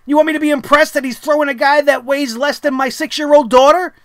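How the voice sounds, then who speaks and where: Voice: high voice, steady tone, quick pace, a bit bright, no room sound. A wrestling show host ranting in a blunt, profane and exasperated way, firing off sarcastic rhetorical questions. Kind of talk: opinionated wrestling review rant.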